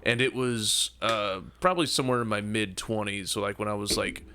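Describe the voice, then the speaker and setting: A man's voice: fairly low pitch, a little fast, pushed and bright, a little hiss or hum. A man chatting on a casual podcast, throwing in wisecracks and reflecting on his past. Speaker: comedian guest. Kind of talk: casual chat.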